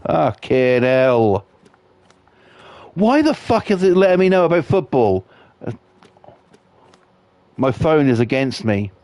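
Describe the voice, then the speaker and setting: A man's voice: mid-range voice, sing-song, slow pace, long pauses, a little mellow, no echo. A man live-streaming a game, ranting about football and reading chat with constant swearing. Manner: profane, ranting, heavy swearing.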